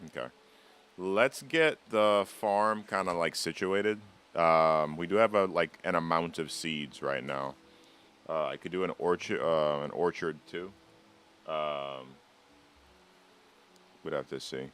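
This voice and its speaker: Deep-voiced man chatting on a game stream. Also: slow, pauses often, fairly bright tone, smooth. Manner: rambling, teasing chat, swears freely. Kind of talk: casual live-stream chat while gaming.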